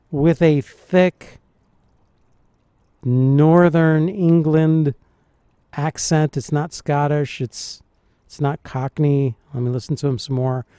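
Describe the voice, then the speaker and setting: A man, a dialect coach, reacting to film clips and thinking aloud in a puzzled, animated way. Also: on the high side, clear, resonant tone, no echo, clean studio sound. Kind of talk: reaction commentary.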